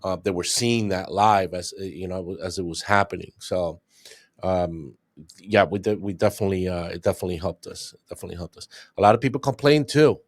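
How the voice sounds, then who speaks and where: A man's voice: low voice, brisk. A middle-aged man, a retired homicide detective, telling stories in a casual interview and acting out what others said. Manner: animated storyteller, acts out what others said.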